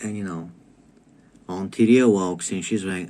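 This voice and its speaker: A man's voice: low voice, a little slow, pauses often, darkish tone. A man delivering a comedic rant to camera, crude and profane, lecturing with stammered restarts. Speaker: comedic vlogger.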